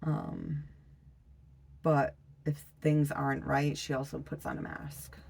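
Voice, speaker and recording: A tarot reader talks through a spread in a loose, conversational way, with plenty of "um"s and pauses. The voice has a gravelly, creaky texture at a middling pitch. The delivery is blunt and now and then slips in a swear word. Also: flat delivery, a little mellow. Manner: loose and unhurried, frequent fillers and trailing pauses. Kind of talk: casual tarot reading.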